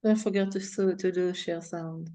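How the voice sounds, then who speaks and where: A woman's voice: fairly low pitch, steady tone, normal speed, warm tone. A woman helping a classmate with a presentation over a video call, adding short remarks and reminders. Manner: brief, supportive interjections. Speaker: presentation partner. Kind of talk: casual chat on video call.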